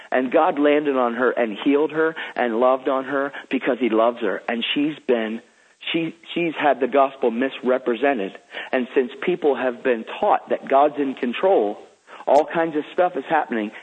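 A man's voice: mid-range voice, slightly rough. A man who is a guest minister, telling stories in an eager, emphatic, preacherly way. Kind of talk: enthusiastic storytelling. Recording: phone-like radio line.

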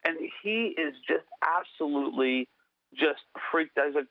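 A man's voice: fairly high pitch, moderate pace, vocal fry. A man, a guest in an interview, telling a story earnestly with many restarts and fillers. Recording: tinny phone line.

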